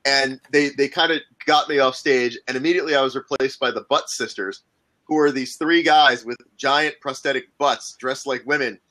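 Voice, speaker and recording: A man's voice: mid-range voice, steady tone, normal speed, bright, forceful tone, low-quality recording. A man with a Southern accent, a podcaster on a panel, telling a self-deprecating story. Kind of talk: anecdotal storytelling.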